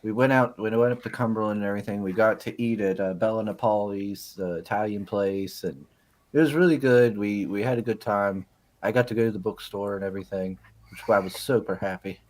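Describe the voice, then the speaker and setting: A man's voice: fairly low pitch, a little fast. A man co-hosting a podcast in casual chat, rambling and repeating words as he starts his sentences. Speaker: podcast co-host.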